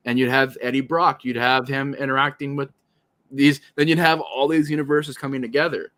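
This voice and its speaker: A man hosting a podcast in casual movie talk, animated and profane, often acting out lines he quotes. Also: mid-range voice, a little fast. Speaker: podcast host.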